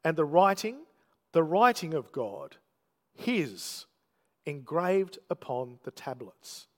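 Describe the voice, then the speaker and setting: A man's voice: a little high, big pitch swings, takes it slowly, a bit bright. Emphatic man preaching in a reverberant hall. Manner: emphatic, dramatic storytelling with quoted dialogue. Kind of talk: sermon.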